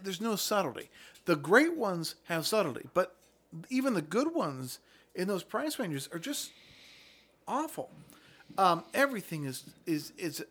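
A man's voice: a little high, fairly bright tone. Blunt, opinionated man talking wine. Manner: opinionated, blunt, swears freely. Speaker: podcast host. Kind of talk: casual chat about wine.

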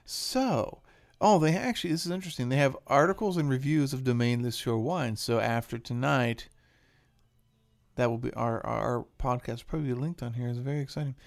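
A man's voice: medium pitch, a little fast, vocal fry. A man hosting a casual wine podcast, joking and rambling as he talks. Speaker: podcast host.

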